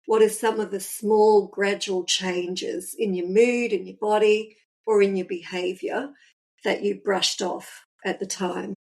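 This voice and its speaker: A woman host gently asking an interview question. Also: medium pitch, fairly even intonation, a little slow, creaky, low-quality recording.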